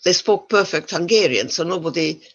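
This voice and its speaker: Older woman with a central european accent, animated storyteller, dull lo-fi call audio. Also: fairly low pitch, brisk, breathy edge. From Yugoslavia. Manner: animated storytelling with wry humor. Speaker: guest speaker. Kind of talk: talk to an online audience.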